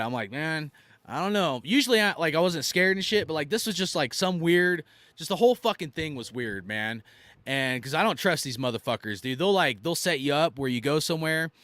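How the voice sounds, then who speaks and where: A man in his thirties tells army stories in a blunt, profane rant. His voice is bright and tense and jumps up and down in pitch. The sound is close and dry. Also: dry recording. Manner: blunt and profane, swinging from loud outbursts to low asides. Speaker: army veteran commentator.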